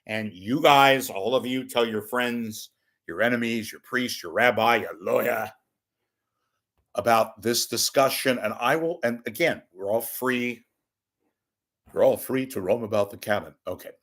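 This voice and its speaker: A man's voice: medium pitch, measured pace, a bit bright. A man hosting a call-in show, talking in a casual, rambling monologue that is blunt, profane and full of wisecracks.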